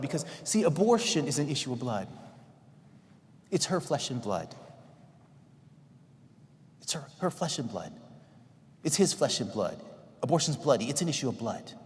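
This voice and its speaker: A man with a somewhat high voice preaches in a hall with a long reverb tail. He keeps quizzing the audience and swings from ringing calls down to near-whispered lines. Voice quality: dynamic, shifting from loud to hushed. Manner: preachy, asks audience questions, acts out quotes. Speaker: speaker. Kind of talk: sermon-style talk.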